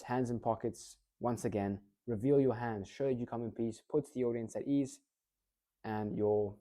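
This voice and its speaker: Male speaking coach, very dark and mellow tone, lively casual delivery with frequent check-ins. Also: mid-range voice. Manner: energetic, demonstrative, checks in with the listener often. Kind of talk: casual instructional talk.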